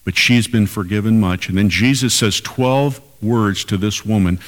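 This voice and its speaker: A man's voice: lowish voice, moderate pace, in a large hall. An older man preaching a sermon as pastor, emphatic and repeating key lines for weight.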